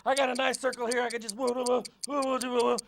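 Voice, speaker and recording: An actor playing a peppy cartoon football coach who hollers pushy pep talks while leading an exercise break. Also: male voice, very high-pitched, flat delivery, fast, gravelly, slight background noise. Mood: pumped.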